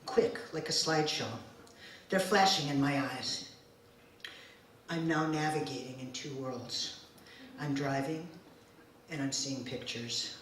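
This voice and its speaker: A woman in her forties telling a personal story live on stage, slow, deliberate and emotional in the first person. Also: very deep voice, fairly bright tone, a little hiss or hum. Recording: very echoey room, distant mic, faint ambience.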